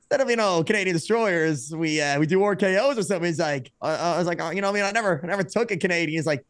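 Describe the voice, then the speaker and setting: A man, a podcast guest telling wrestling stories in a casual, animated way, acting out quoted dialogue. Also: sits high, racing, no echo. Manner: animated, acts out quoted dialogue, frequent restarts. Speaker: podcast guest, former wrestler turned streamer. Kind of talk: casual storytelling chat.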